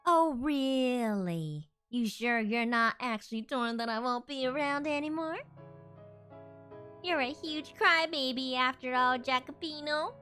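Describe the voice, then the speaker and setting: A woman's voice: sits high, unhurried, sharp tone, soft background music. A woman voicing a fond, teasing young woman in a game read-along. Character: teasing young woman leaving her friend.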